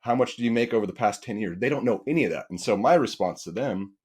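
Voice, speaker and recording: Male podcast guest, low voice, animated storyteller, plays both sides of conversations. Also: fast, husky. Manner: animated storyteller acting out quoted dialogue. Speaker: firefighter and real estate investor.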